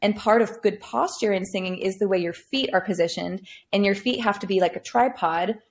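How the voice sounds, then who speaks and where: A woman's voice: mid-range voice, a little fast. A woman singing coach talking casually as a podcast guest, chatty and full of "like". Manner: chatty, peppers speech with "like".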